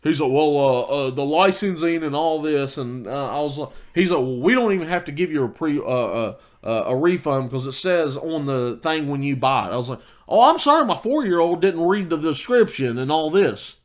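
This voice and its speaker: With hardly any pauses, a man co-hosting a podcast tells a heated story at a moderate pace, his voice a little high and animated. The talk is casual, marked by lots of restarts and heated self-quotation.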